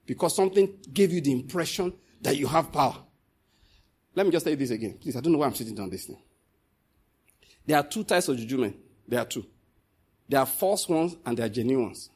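Husky, animated preacher man. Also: a little fast, long pauses. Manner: animated, swings from loud scolding to low storytelling. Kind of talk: sermon.

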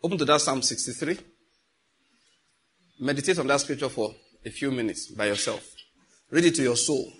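A man's voice: medium pitch, lively intonation, normal speed, long pauses, fairly bright tone, breathy edge. A middle-aged Nigerian man, a pastor preaching a sermon in a conversational way with pidgin asides.

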